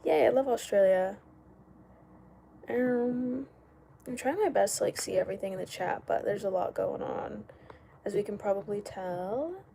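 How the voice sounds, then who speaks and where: A young woman live streaming from home, chatting casually, reading out comments and firing back quick retorts with frequent laughs. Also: mid-range voice, creaky, warm tone, a little hiss or hum. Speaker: livestreamer. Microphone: camera mic while live streaming.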